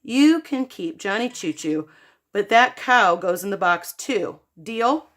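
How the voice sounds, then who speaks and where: A woman's voice: medium pitch, animated, takes it slowly. A woman playing an exasperated, scolding mother. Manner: stern and exasperated, with loud scolding. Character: exasperated mother tidying up toys.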